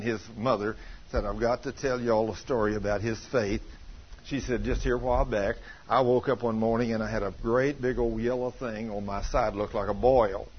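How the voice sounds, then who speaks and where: A man's voice: mid-range voice, dull audio, slight background noise. A middle-aged man preaching a fiery sermon, folksy and emphatic, acting out the voices in his stories. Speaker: pastor.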